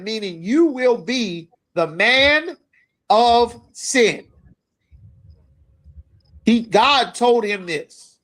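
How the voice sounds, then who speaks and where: A man teaching a scripture class, speaking emphatically and asking his listeners if they understand. He reads verses slowly, then explains them in everyday talk. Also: extremely high pitch, fairly bright tone. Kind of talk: scripture lecture.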